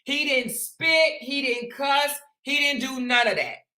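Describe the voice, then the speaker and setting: A woman host telling a personal story to her viewers, animated and chatty, calling them "y'all" and "honey". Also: sits high, a little slow. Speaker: show host.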